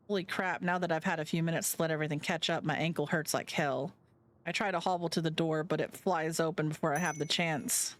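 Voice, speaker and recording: A woman's voice: deep voice, fairly even intonation, brisk. A woman streamer reading a visual novel aloud live, chatting and reacting between lines. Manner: chatty, reacting as she reads.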